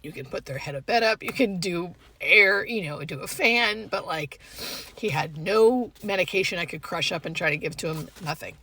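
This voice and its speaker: A woman hospice nurse records a vlog from inside her parked car, close to tears. Her voice is bright with a gravelly edge, and she halts often and leans on "like" as she talks. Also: fairly low pitch, animated. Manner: halting, heavy use of filler "like". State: tearful, fighting back crying. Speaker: hospice home care nurse. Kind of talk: emotional vlog monologue.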